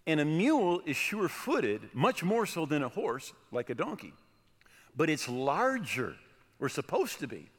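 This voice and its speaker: Animated American pastor telling a story. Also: male voice, a little high, unhurried. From United States. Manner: animated storyteller, often adding "right?". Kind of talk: sermon with a personal story. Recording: long hall reverb.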